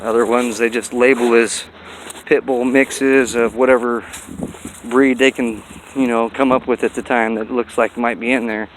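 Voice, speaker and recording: A man's voice: medium pitch, little pitch movement, moderate pace, slight background noise, low-quality recording. Rambling, folksy man talking outdoors. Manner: rambling, folksy, many fillers. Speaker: dog breeder vlogger. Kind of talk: casual walking vlog. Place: outdoors by a busy road.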